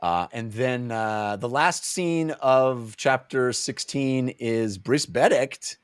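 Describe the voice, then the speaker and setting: Animated man chatting about a book. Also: medium pitch, takes it slowly, clean tone, dry recording. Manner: animated, acts out characters' lines in goofy voices. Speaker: podcast co-host. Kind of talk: casual book discussion.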